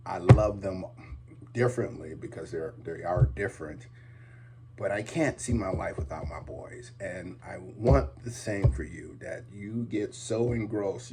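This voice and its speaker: A middle-aged man giving a passionate talk to camera for fathers, moving from loud, fervent pleas to soft, near-whispered asides. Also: on the low side. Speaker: vlogger speaking to fathers. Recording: noisy recording with clicks.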